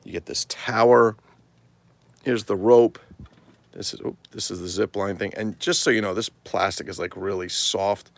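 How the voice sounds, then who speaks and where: Deep gravelly-voiced man chatting casually. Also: steady tone, normal speed. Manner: chatty, rambling, enthusiastic. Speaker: host of a live collectibles show. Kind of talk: casual live-stream show-and-tell.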